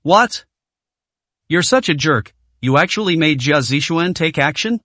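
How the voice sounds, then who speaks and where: A man's voice: fairly high pitch, expressive, moderate pace, sharp tone, no echo. A man voicing an arrogant, contemptuous rich woman in a read-aloud story. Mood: scornful. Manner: haughty, contemptuous. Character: arrogant rich woman, spoiled son's mother.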